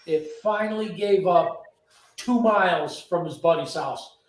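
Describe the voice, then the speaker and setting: A man's voice: high voice, a little slow. A man hosting a live stream from his car restoration garage, joking and answering viewer questions in casual chat. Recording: roomy echo from a distance.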